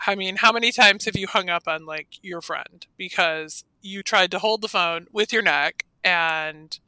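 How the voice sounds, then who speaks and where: A woman's voice: on the low side, measured pace, pushed and bright, clean tone, dry recording. A woman co-hosting a podcast in casual chat, chatty and saying "like" a lot. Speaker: podcast co-host.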